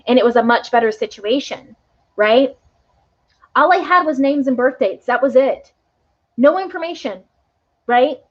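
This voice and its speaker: A woman with a slightly high voice talks to her live-stream viewers as a tarot reader. She speaks earnestly and with feeling, often checking in with a quick "right?". The stream audio is dull and lo-fi. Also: animated. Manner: earnest and emotional, tag questions like "right?".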